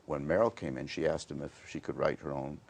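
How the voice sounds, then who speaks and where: Very deep gravelly husky man. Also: quick pace, a little mellow. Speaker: interview guest. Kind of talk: casual interview chat.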